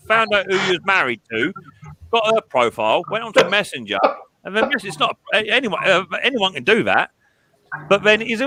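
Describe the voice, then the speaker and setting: A man's voice: sits high, very animated, brisk, sharp tone, rough recording. A man hosting a casual live stream chat, teasing his guests and telling stories. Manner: teasing storyteller. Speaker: host.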